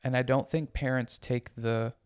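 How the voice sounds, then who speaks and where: A man's voice: mid-range voice, little pitch movement, moderate pace, smooth. A man co-hosting a casual podcast, talking earnestly and emphatically, often repeating himself to stress a point. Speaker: podcast co-host. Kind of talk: casual conversational podcast chat.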